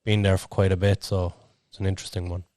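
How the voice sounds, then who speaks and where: With a low, warm voice and a flat delivery, this podcast co-host and interviewer talks at a quick pace. He chats casually and rambles, packing his storytelling with fillers, and the recording is dry.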